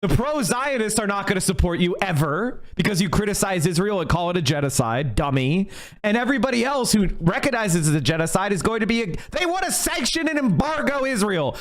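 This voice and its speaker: A male streamer tears into his subject in a heated political rant, angry and swearing as he gets worked up. His voice sits high for a man. He talks straight at his viewers from a home setup. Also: lively intonation, brisk. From United States. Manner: angry, profane, fired up.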